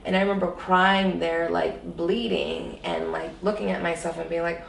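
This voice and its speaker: A woman with a lowish, gravelly voice tells a painful personal story in an interview, pouring it out with lots of "like" and "you know". She sits back from the microphone in a roomy, echoing space. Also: steady tone, normal speed, recorded from a distance, slight background noise. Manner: emotional, many fillers like "like" and "you know". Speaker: interview guest. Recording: echoey room, voice set back from the mic.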